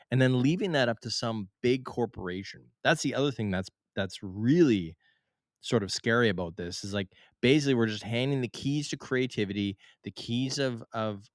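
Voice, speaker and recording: A man's voice: mid-range voice, normal speed, no echo, studio quality. A man co-hosting a podcast, arguing his side in a casual debate and firing off rhetorical questions. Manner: argumentative, fires off rhetorical questions. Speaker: podcast co-host.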